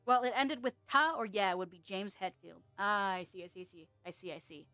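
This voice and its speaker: A woman's voice: medium pitch, lively intonation, fairly quick, pushed and bright, no room sound, soft background music. A young woman chatting casually on a live stream, rambling, giggling often and swearing offhand.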